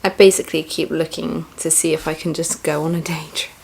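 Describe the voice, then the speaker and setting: A woman's voice: deep voice, flat delivery, a little fast, creaky, darkish tone, a little hiss or hum. A young woman vlogger chatting casually and musing to herself as she reacts. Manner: chatty, musing, self-reflective.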